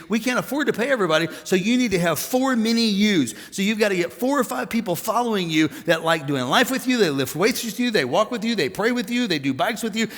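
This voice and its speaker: Chatty pastor in a reverberant hall. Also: male voice, sits high. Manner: storytelling, animated quoting of others. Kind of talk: conversational sermon.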